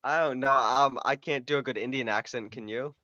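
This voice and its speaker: Bright mocking man on a dull mic. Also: mid-range voice, fairly quick, dry recording. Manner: mocking, laughing often. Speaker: stream commentator. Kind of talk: mocking live-stream commentary.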